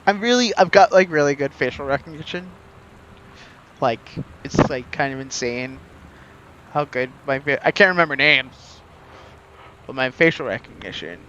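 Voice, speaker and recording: Young male game streamer, slightly high voice, rambling, unscripted commentary. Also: animated, normal speed, fairly bright tone, highs cut off, slight background noise. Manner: chatty, thinks aloud, guessing names. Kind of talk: casual let's-play commentary.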